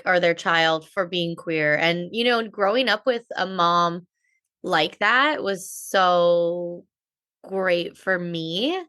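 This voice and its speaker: A woman's voice: on the low side, bright, forceful tone, no room sound, studio quality. A woman co-hosting a podcast, sharing candid personal stories in a casual, open way. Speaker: podcast co-host.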